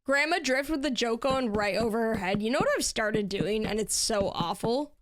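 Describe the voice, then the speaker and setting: Giggly woman streamer, high voice. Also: moderate pace. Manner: giggly, chatty, laughs often. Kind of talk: casual livestream chat while building in a game.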